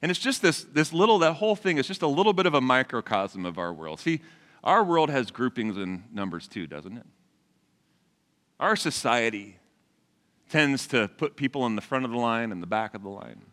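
Lively-voiced male pastor in a reverberant hall. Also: medium pitch, moderate pace. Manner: conversational, asks the congregation questions. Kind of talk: sermon.

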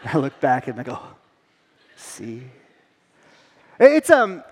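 A man's voice: on the high side, huge pitch swings, fairly quick, a little mellow, big-room sound. A man in his thirties preaching a sermon as a pastor, telling a family story with playful acted-out quotes before he turns to the teaching.

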